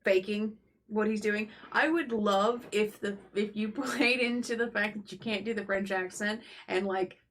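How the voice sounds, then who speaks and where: A woman co-hosting a casual game review podcast as the game master, explaining plainly with quick affirmations. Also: mid-range voice, fairly even intonation, a bit bright. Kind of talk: casual discussion.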